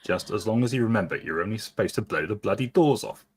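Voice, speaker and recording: A man's voice: lowish voice, lively intonation, fast talker, slightly rough. A man co-hosting a casual livestream, teasing and joking with his co-host. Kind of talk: casual live-stream chat.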